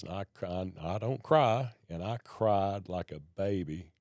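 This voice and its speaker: A man's voice: low voice, measured pace, a little mellow, dry recording, clean studio sound. A man, a podcast guest telling a personal story in a folksy, plain-spoken way.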